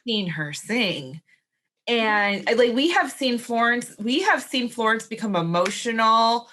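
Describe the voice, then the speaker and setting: A woman co-hosting a podcast in a relaxed, chatty way, laughing through her anecdotes. Her voice is slightly high and she speaks at an unhurried pace. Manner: chatty, laughs while telling stories. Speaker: podcast co-host. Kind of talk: casual chat.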